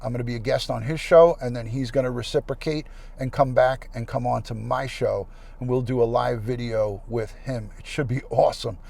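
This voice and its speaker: A man's voice: medium pitch, fairly even intonation, moderate pace, creaky, darkish tone. A man hosting a casual livestream, chatting and thanking viewers by name into a plug-in mic. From United States. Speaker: livestream host.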